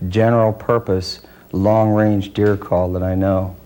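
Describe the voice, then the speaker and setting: Interviewed as an expert on deer calling, a man explains things in a measured, technical manner, pausing and hesitating often. His pitch is fairly low and his delivery flat, and the recording is very noisy.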